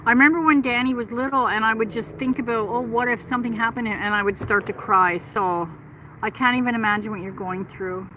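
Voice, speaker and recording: A woman's voice: on the high side, brisk, background noise. A middle-aged woman hosting a casual livestream from a park, chatting and gushing as she answers her viewers, talking into a phone she holds as she walks. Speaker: livestream host. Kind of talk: casual live chat with viewers. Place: outdoors in a park.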